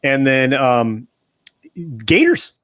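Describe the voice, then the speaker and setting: A man's voice: medium pitch, huge pitch swings, very slow, fairly bright tone, clear, resonant tone, no echo. Easygoing male guest, dry close recording, joking tone. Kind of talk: casual chat.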